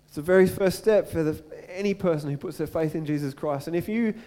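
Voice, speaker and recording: The speaker, a young adult man serving as pastor, preaches at a fairly high pitch. He's earnest throughout, building loudly and urgently at times, then easing into slow, soft appeals.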